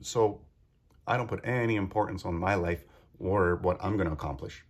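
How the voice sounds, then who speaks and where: Man, podcast host, solo monologue, earnest, fervent, rhetorical questions, husky, lowish voice. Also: normal speed.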